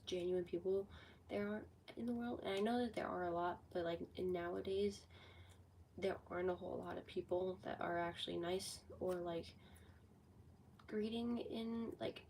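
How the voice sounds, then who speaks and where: A sixteen-year-old girl chatting casually on a livestream, rambling with lots of "like", her voice a bit hoarse from a cold. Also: lowish voice, a little mellow, recorded from a distance, slight background noise, poor audio. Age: teens. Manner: rambling, heavy use of "like". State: sick with a cold, voice going hoarse. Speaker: livestreamer answering chat.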